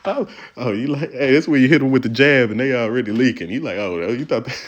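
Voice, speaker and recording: A man's voice: mid-range voice, quick pace, muffled recording, slight background noise. A male stand-up comedian from Texas giving casual, playful, slangy commentary on his own set and laughing often. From Texas, USA.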